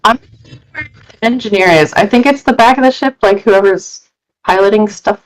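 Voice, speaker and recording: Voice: mid-range voice, normal speed, rough recording. A player in a tabletop game who makes wry jokes and keeps to short replies. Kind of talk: casual tabletop play.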